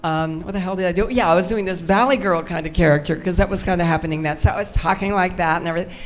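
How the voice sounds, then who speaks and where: A woman's voice: lowish voice, rapid-fire, a little hiss or hum. An older woman telling anecdotes as a guest on a convention panel, chatty and self-mocking. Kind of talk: storytelling on a fan panel. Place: convention stage before a live audience.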